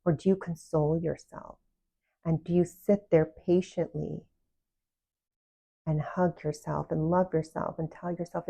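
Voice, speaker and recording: A woman's voice: deep voice, unhurried, vocal fry, long pauses, mellow. A woman giving casual, earnest self-love advice, often asking the listener direct questions. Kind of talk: casual motivational talk to camera.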